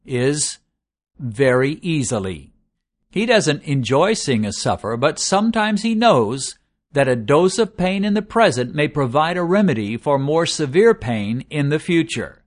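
A man preaching a sermon, earnest and measured. His voice sits a little higher than most men's, and he slows right down to lean on each word in a list. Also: sing-song. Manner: measured, earnest preaching with slowed emphatic lists.

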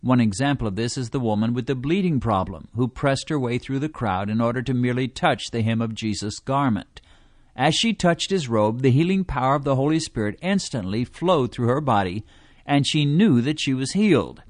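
A man reading a devotional teaching in a measured way, slowing down to stress quoted scripture. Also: medium pitch, lively intonation, no room sound, clean studio sound. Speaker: preacher.

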